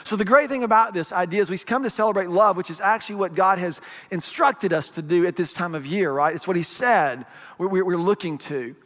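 A man's voice: high voice, fairly quick, fairly bright tone, long reverb tail. A man, a pastor, preaching a sermon in a conversational storytelling way, acting out the dialogue.

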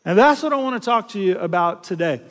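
A middle-aged man from South Louisiana, preaching a storytelling sermon in a folksy, animated way, acting out voices and laughing at himself. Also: high voice, quick pace, long reverb tail.

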